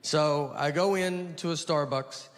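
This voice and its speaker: A man, performing a stand-up comedy monologue with understated, deadpan storytelling. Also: a little high, unhurried. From Tennessee, USA. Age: 40s. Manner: deadpan, understated storytelling with bemused quoted dialogue. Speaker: comedian hosting a TV sketch show. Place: stage of a TV studio before a live audience. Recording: noisy live studio audience laughter.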